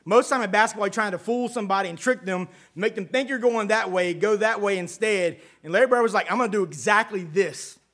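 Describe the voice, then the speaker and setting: A man's voice: high-pitched, brisk, few pauses, a bit bright. A man preaching a casual, conversational sermon, folksy and chatty with asides and frequent check-ins with his listeners.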